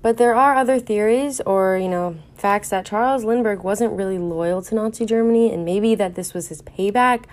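A young woman tells a true-crime story as a podcast host, in a loose, chatty way. She wonders aloud and piles in filler words as she goes, with her pitch sitting in the middle of the range. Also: normal speed, hardly any pauses.

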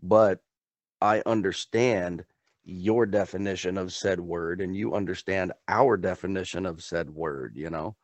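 Laid-back man with a low voice. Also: unhurried, no echo. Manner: rambling, laid-back, with chuckles. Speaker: podcast co-host. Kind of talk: casual chat.

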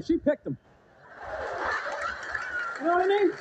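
A man's voice: very high-pitched, unhurried, background noise. A man from the American suburbs telling a rambling stand-up story on stage, full of "you know what I mean". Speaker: stand-up comedian. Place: comedy stage with a live audience.

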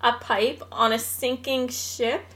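A woman co-hosting a podcast in a relaxed, conversational way. She speaks slowly and sits a little high in her register. She often retells scenes and quotes lines from them. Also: a crowd in the background. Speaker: podcast co-host. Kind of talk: casual chat.

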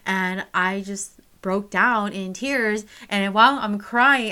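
A woman's voice: mid-range voice, moderate pace, bright, forceful tone, smooth. A young woman telling a personal story straight to camera, candid and casual, swearing freely and full of fillers. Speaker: vlogger.

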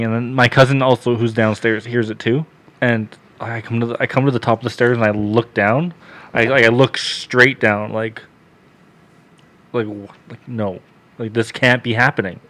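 A man's voice: mid-range voice, steady tone, measured pace, pauses often, fairly bright tone. Casting note: male podcast guest, blunt, profane storyteller who acts out every line of dialogue. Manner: profane, laughing, quotes himself and others. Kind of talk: casual storytelling.

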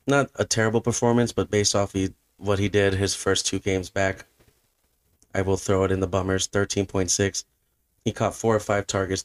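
A man's voice: lowish voice, no echo. A man hosting a podcast, giving a blunt and opinionated fantasy football recap. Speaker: podcast host.

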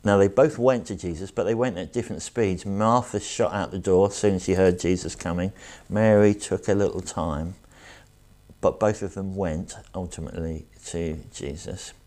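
A man preaching a sermon and reading scripture aloud, earnest and reflective, slowing down to stress key words. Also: sits low, fairly even intonation, darkish tone. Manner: earnest, reflective, slows down for emphasis.

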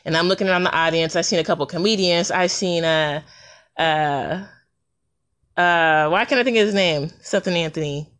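A woman talking casually into a recorder, telling a story in an animated, colloquial way and laughing often. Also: moderate pace. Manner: animated storytelling, jumps high for reactions. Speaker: podcaster. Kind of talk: casual monologue. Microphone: handheld recorder.

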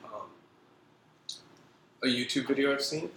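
Bright-voiced man, hesitant co-host. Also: medium pitch, a little slow, gravelly, slight background noise. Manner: hesitant, filler-heavy, self-conscious. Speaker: podcast co-host. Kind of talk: casual chat. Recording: echoey room.

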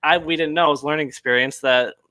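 A laid-back man chatting casually in a quiet way. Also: fairly high pitch, fairly even intonation, fast talker, no room sound. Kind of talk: casual podcast chat.

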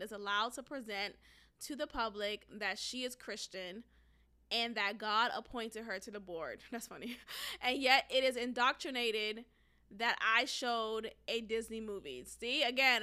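A woman's voice: fairly high pitch, bright, forceful tone, smooth. A woman hosting a podcast and talking bluntly, profanely and with frequent laughter in casual opinionated commentary. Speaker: podcast host; former teacher.

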